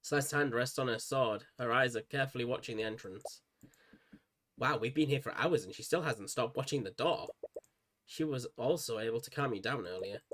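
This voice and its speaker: A man playing through a story game, reading the text aloud and cracking excited jokes about it. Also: medium pitch, normal speed, a little hiss or hum. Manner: excitable, jokey, laughs at the story. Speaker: gaming YouTuber. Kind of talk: let's play commentary and reading aloud. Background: game music.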